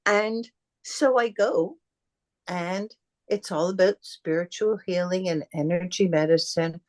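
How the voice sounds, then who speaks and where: A middle-aged woman, a podcast guest, telling her story in a casual, animated way and acting out remembered conversations. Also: fairly low pitch, measured pace. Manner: animated, acts out quoted dialogue.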